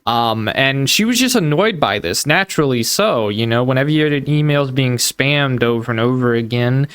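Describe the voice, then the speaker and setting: A man narrates his commentary with a smooth, clean voice. His tone is critical and incredulous. The sound is dry and close. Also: medium pitch, lively intonation, normal speed, a bit bright, dry recording. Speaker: commentary video host. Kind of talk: online drama commentary.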